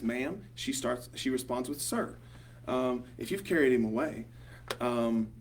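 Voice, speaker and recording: A man with a Southern accent leading a small group Bible study, talking casually and rambling, with lots of ums and "you know". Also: medium pitch. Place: small group meeting room. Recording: distant mic with faint hum.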